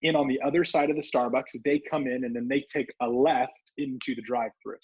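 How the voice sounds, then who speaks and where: A man's voice: mid-range voice, fairly quick, husky, lo-fi sound. A man co-hosting a podcast, telling a story in casual chat and acting out the people in it. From Southern California. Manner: animated storyteller, acts out quoted voices. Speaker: podcast co-host.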